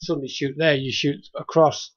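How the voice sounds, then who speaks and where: A man hosting a community radio talk show, talking in halting bursts with repeated words. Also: fairly high pitch, little pitch movement, dry recording. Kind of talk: casual radio chat. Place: radio studio. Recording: dry, lo-fi radio sound.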